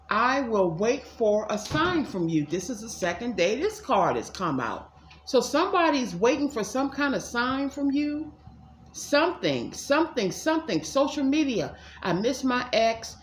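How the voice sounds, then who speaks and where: A woman with a voice on the high side gives a casual tarot reading at home as a psychic, speaking straight to her viewers and calling them y'all. She's chatty and repetitive, and the recording is reverberant with a little hiss or hum.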